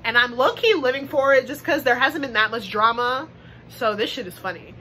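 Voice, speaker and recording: A woman's voice: a little high, animated, fairly quick, sharp tone, slight background noise, poor audio. A woman giving a blunt, gossipy confessional with plenty of swearing, as a player in a fan-made reality game roleplay. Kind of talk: confessional monologue.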